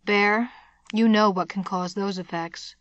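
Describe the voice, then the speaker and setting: A composed woman speaks with calm, cold strength, her voice set a little lower and quieter than the narration, as an audiobook reader puts her on. Dry, close sound. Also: measured pace, no room sound, highs cut off, lightly acted. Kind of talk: audiobook character voice.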